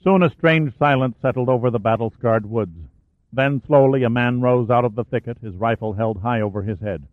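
A man reading a war thriller aloud as an audiobook narrator, in a steady storytelling voice. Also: mid-range voice, normal speed, no room sound. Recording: dry, phone-like lo-fi sound.

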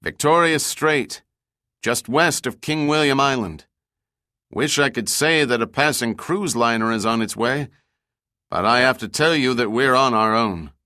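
A man narrating an audiobook, voicing a weathered, calm and commanding male ship captain who gives firm orders. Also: medium pitch, no room sound, clean studio sound, close to an everyday voice. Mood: reassuring. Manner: firm orders, quiet and measured asides.

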